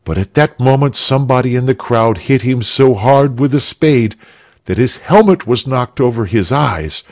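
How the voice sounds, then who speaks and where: A man reading a story aloud for English learners in a measured, expressive way. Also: medium pitch. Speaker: narrator.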